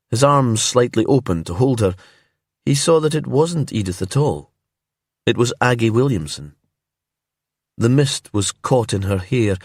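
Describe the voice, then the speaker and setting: Slow, hushed male storyteller. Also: lowish voice, dry recording, studio quality. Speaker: narrator. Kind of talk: calm scripted storybook narration.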